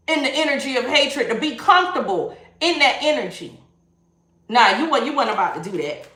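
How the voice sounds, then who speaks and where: Sassy lady doing a live tarot reading, high bright voice, echoey room. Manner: emphatic, sassy, repeats phrases for emphasis. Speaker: tarot reader.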